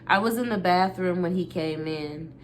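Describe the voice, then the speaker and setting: Low-voiced woman reading a memoir aloud. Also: moderate pace, slight background noise. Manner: casual, stops to correct and reread.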